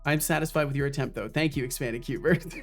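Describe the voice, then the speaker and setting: A man's voice: mid-range voice, fast, faint music behind. A man streaming as a solo game developer, chatting casually with viewers. He rambles, swears often and restarts his sentences a lot. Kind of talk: casual live-stream chat.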